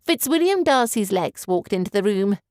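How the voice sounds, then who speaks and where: A woman narrates an audiobook from a script, her storytelling measured and even. Her voice sits in the mid-range, and the clean studio recording has no room sound.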